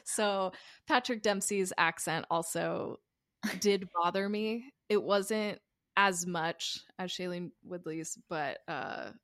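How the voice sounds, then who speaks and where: A woman's voice: lowish voice, takes it slowly, a bit bright, no room sound, studio quality. A woman co-hosting a podcast, chatting casually about a film, hedging her opinions and laughing at herself. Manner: hedging, self-deprecating, laughs often. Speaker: podcast co-host. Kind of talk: casual film review chat.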